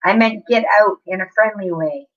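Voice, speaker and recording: A woman's voice: mid-range voice, normal speed, fairly bright tone, muffled recording. A woman chatting casually with viewers on a live stream, apologetic and talking straight to her chat.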